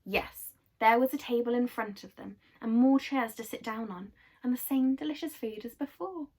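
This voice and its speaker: A woman reading a children's book aloud, telling it expressively and softly. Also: fairly high pitch, moderate pace. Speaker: storyteller.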